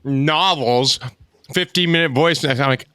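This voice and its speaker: Teasing man with a slightly high voice. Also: expressive, fairly quick, a bit bright. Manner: dry teasing humor. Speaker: podcast co-host. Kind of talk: casual podcast chat.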